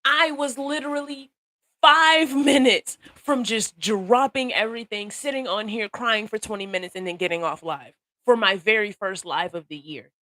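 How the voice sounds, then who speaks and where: Young woman, live stream host, bright ringing voice, dry close phone sound, animated, laughing, repeats herself for emphasis. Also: on the high side, normal speed, no echo. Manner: animated, laughs often, greets viewers by name, repeats phrases for emphasis. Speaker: livestream host. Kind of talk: casual motivational live stream talk.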